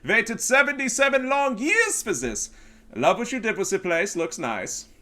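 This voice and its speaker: A man putting on a German accent to voice a gloating German soldier in a comedy skit, loud and drawn out. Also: high voice, sing-song, a little slow, pitched above the performer's own voice, exaggerated voice. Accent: German (put on).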